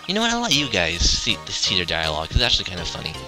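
A man talking through his game session in a relaxed, rambling way. His voice rises and falls quite a lot, and steady game music runs behind him. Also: deep voice, racing. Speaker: let's play narrator. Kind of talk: casual gameplay commentary.

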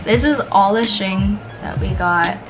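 A woman's voice: mid-range voice, a little slow, music in the background. A young woman chatting casually and laughing often as she vlogs with friends. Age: young adult. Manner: giggly, chatty. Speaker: vlogger. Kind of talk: casual chat.

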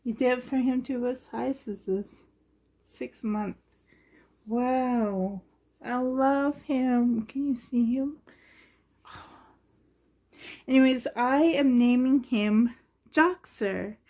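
Woman, gushing unboxing vlogger, very slow and husky. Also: a little high, darkish tone. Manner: gushing, breathy and delighted. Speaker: reborn doll collector. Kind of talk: unboxing vlog.

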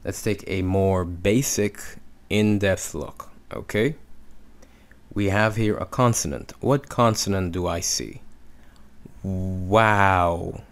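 A man's voice: deep voice, a little slow. A man teaching Hebrew reading, patiently sounding out letters and syllables step by step. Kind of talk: instructional walkthrough.

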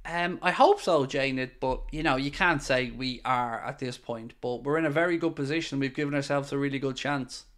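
An Irish man with a Dublin accent hosting a live football watchalong, reacting excitedly to the play and chatting back to viewers. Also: mid-range voice, moderate pace, hardly any pauses. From Ireland. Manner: chatty, answering viewer comments. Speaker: watchalong host.

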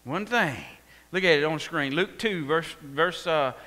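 A man with a Texan accent preaching a sermon, telling the story with animated delivery and acting out the voices. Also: on the high side, normal speed. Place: church sanctuary. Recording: echoey church hall.

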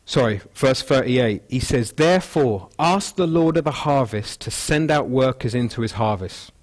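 A man's voice: medium pitch, lively intonation, normal speed. A man preaching an expository sermon in a church, talking casually and acting out people's thoughts in quotes, on a wireless mic through the speakers. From England. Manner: conversational, acts out quoted thoughts. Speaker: pastor. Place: church hall.

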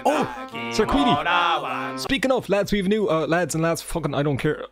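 A man streaming a game live, chatting casually with his viewers in an excitable, joking way and swearing often. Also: fairly high pitch, fast talker, over loud music. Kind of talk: casual livestream chat with viewers. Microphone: desk microphone.

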